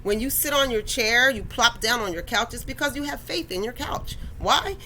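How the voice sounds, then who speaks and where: Woman doing a casual faith talk podcast, bright sharp voice, talks right at you. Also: a little high, expressive, normal speed, low-quality recording. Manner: conversational and preachy, addresses listeners directly. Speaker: podcast host.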